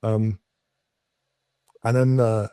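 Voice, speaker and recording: An English man, a podcast guest, telling stories casually with many halting restarts. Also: fairly low pitch, flat delivery, dark tone, clear, resonant tone, no room sound, clean studio sound. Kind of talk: casual storytelling.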